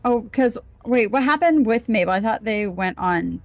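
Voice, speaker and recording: A woman's voice: a little high, expressive, normal speed, no echo, soft background music. Chatty laughing woman, dry close sound. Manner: laughing, swearing freely, chatty. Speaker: player. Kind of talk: casual tabletop play.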